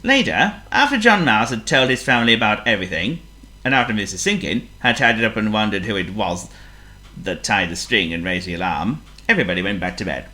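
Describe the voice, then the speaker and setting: A woman reading a children's story aloud, expressive and playful, asking the listener questions. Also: very deep voice, brisk.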